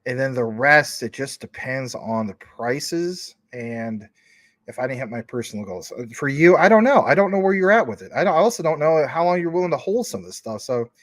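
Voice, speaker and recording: A man chats casually on his livestream, reading out viewer comments and answering them. He rambles informally with plenty of fillers, at a middling pitch. The sound is dry and close. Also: animated, brisk, no room sound. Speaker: crypto livestream host.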